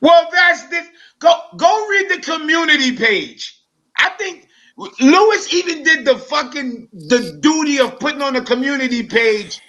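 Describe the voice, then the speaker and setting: Brief: combative football pundit, high voice, bright and cutting, swears constantly. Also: male voice, very animated, a little slow. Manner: loud, profane, combative. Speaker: football panel regular. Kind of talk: heated football panel chat.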